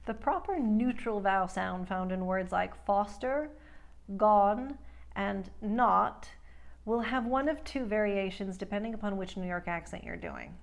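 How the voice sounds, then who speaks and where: A woman's voice: mid-range voice, normal speed, creaky, few pauses. A woman speech coach teaching accent sounds, carefully demonstrating each vowel. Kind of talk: accent tutorial.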